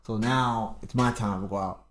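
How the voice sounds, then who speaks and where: Here a podcast co-host in his thirties recounts a childhood memory, voicing every character himself with lively energy. He speaks at a moderate pace in a lowish voice, and the roomy home recording carries a slight hiss or hum.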